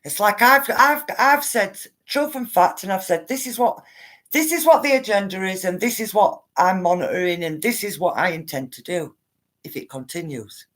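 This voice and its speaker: A woman's voice: medium pitch, expressive, normal speed, a bit bright. A woman, talking straight to her viewers on a casual live stream and reading out their comments in a blunt, emphatic way. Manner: blunt, emphatic, repeats herself for stress; addresses viewers directly.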